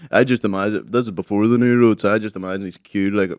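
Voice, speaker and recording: Young lad, lowish voice, dry close sound, teasing banter. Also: male voice, fairly even intonation, fast talker, no room sound. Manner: dry teasing, recounting stories. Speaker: podcast co-host. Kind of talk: casual chat.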